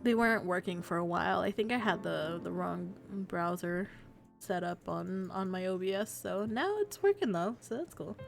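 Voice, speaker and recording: A woman's voice: fairly low pitch, animated, moderate pace, gravelly. A woman streamer chatting playfully and laughing often as she reads through a visual novel. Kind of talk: casual stream commentary while reading a visual novel. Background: faint music.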